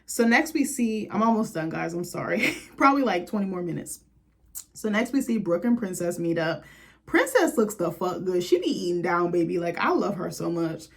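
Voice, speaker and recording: A young woman hosting a casual reality TV recap, sassy and profane, with quick asides to her viewers. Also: on the low side, very animated, creaky. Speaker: recap host.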